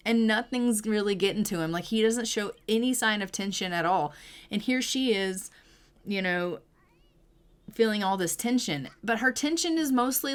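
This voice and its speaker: Young woman, chatty gameplay narrator, storytelling, casual, mid-pitched voice. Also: expressive, normal speed, clean tone. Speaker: gaming creator.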